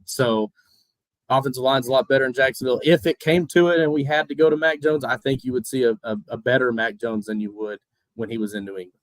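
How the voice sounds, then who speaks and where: A man's voice: mid-range voice, fairly even intonation, quick pace, dry recording, low-quality recording. A man on a sports podcast panel, emphatic, who often stammers at the start of a sentence. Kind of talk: casual sports chat.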